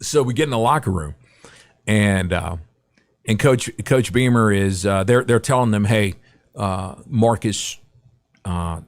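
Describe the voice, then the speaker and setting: A man's voice: lowish voice, unhurried. A middle-aged man, a guest broadcaster, telling anecdotes in a podcast interview and acting out the quotes.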